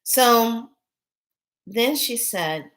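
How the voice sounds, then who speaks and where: A woman's voice: on the high side, expressive, drawn-out words, a bit bright. A middle-aged woman, a priestess, telling a personal story in casual chat, breathless and full of wonder-struck exclamations.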